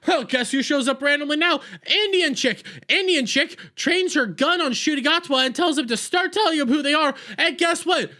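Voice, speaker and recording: A man giving an exasperated, sarcastic review, retelling scenes with loud outbursts and put-on quotes. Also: very high-pitched. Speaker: video reviewer. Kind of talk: ranting video review.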